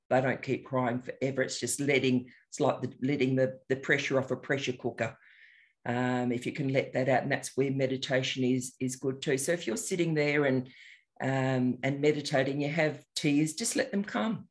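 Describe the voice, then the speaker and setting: Older guy leading a meditation group, soft unhurried voice, reflective. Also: medium pitch. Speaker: meditation teacher. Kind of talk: introducing a guided meditation.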